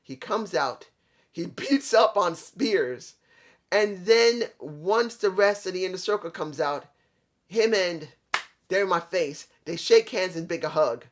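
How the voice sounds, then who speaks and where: A man's voice: sits high, expressive, slow pace. A man reviewing a wrestling show in a casual vlog, rambling, repeating himself and talking straight to his viewers.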